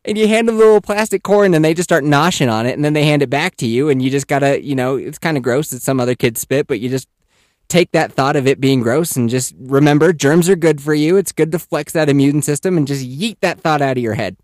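A man in his thirties telling a casual, animated story as a podcast host, swearing freely and acting out voices. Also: fairly high pitch, brisk, dry recording, studio quality.

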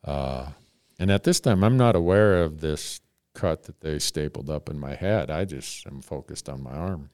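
A man's voice: a bass voice, lively intonation, moderate pace, darkish tone, smooth, dry recording, clean studio sound. A man hosting a podcast, telling a rambling, self-mocking story in casual chat and chuckling often.

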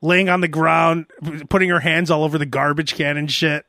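A man hosting a podcast in casual chat, telling stories in an animated way and slipping into mock voices. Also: a little high, fairly quick, dry recording, studio quality. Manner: animated storyteller, often slips into mock voices. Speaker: podcast host.

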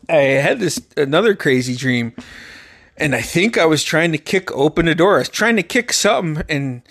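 A young man telling his dream stories in a casual monologue, swearing constantly and acting out the voices and yells. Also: a little high, dry recording, studio quality. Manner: profane, animated, acts out quotes with loud yelps. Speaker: storyteller.

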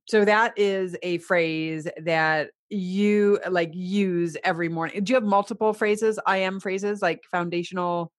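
A woman's voice: on the low side, fairly even intonation, measured pace, hardly any pauses, dry recording. Chatty woman host, dry sound. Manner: chatty, laughs easily, uses "like" often. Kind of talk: casual interview chat.

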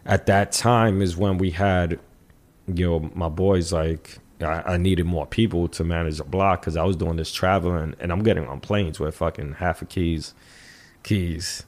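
Deep-voiced man telling a rambling story. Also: fairly even intonation, moderate pace. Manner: rambling with frequent restarts and profanity. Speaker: guest. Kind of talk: casual storytelling.

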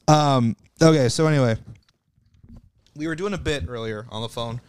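A man's voice: mid-range voice, normal speed, clean tone, no echo. A man co-hosting a casual podcast, telling stories with lots of swearing and laughter, in a home living room. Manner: profane, laughing, animated storytelling. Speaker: podcast co-host.

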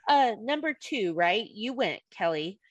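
A woman hosts a relaxed podcast conversation in an everyday mid-pitched voice. She is easygoing and keeps nudging the talk back on track. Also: a little slow, highs cut off. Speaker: podcast host. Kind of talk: casual chat.

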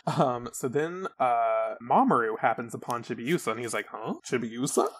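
Male podcast co-host, chatty, animated, foul-mouthed recap. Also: mid-range voice, moderate pace. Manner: animated, swears casually. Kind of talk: casual comic recap chat.

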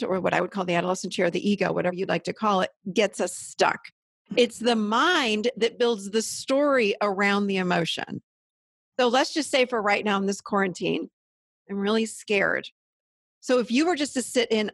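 A woman's voice: mid-range voice, no echo. Dry-sounding woman explaining feelings. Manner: animated, explains with acted inner voices. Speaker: guest therapist. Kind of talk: conversational explanation.

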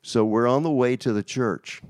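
A middle-aged man, a music industry guest in an interview, telling animated, rambling stories full of restarts. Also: mid-range voice, moderate pace. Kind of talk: casual storytelling interview.

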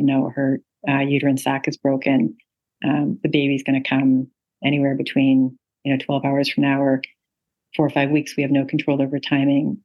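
A middle-aged woman, an author appearing as an interview guest, earnestly shares a personal story with many ums and uhs. Her voice is extremely low with a darkish tone, and the recording is muffled.

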